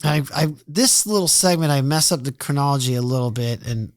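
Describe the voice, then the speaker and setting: A man telling stories as a podcast guest in casual talk, animated and quick to act out other people's lines, swearing freely. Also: medium pitch, no echo, clean studio sound. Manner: animated storyteller who acts out quoted dialogue. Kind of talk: casual storytelling interview.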